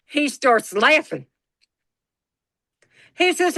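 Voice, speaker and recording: A woman's voice: a little high, slow pace, dry recording, clean studio sound. A woman telling a family story in a casual chat, acting out the voices of the people in it and swearing freely. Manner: animated, acts out quoted voices, swears freely. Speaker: guest storyteller.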